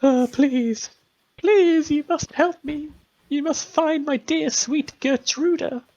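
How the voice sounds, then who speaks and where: A man voicing a distraught mother who has lost her daughter, pleading in a high, trembling voice. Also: slow pace, warm tone. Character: distraught grieving mother, a middle-aged woman. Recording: dull lo-fi stream audio.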